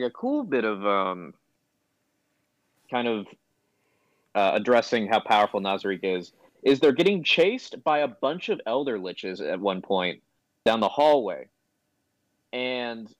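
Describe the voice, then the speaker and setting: Male podcast host, middle-pitched, loose rambling recap, dry recording. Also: no room sound. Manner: rambling, full of "um" and "like". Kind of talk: casual chat.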